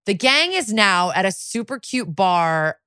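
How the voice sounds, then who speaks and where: A woman's voice: medium pitch, clear, resonant tone, no echo, studio quality. A woman co-hosting a podcast, recapping a TV episode in a casual, profane way and acting out the characters' lines as she goes. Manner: lively storytelling, acting out characters' lines in quick bits. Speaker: podcast co-host.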